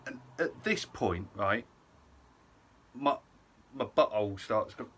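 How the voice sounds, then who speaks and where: A young man with a fairly low voice tells a story to his viewers in a loose, rambling, self-mocking way. Soft background ambience hums faintly behind him. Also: animated, takes it slowly, slight background noise. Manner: chatty, self-mocking, lots of ums and et ceteras. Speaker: vlogger. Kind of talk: casual storytelling to camera.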